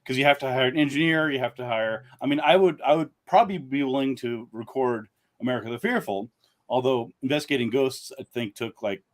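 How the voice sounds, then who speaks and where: A man of ordinary middle pitch chats casually as a guest author. He rambles and circles back, with frequent "uh" fillers and restarts. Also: a little fast. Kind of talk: casual live-stream chat.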